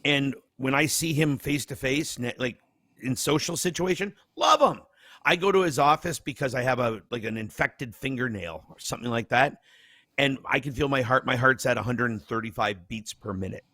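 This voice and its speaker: A man's voice: medium pitch, moderate pace, no room sound, studio quality. A man co-hosting a casual podcast, telling self-mocking stories with lots of restarts. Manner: animated, self-mocking storyteller with many restarts. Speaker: podcast co-host. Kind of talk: casual chat.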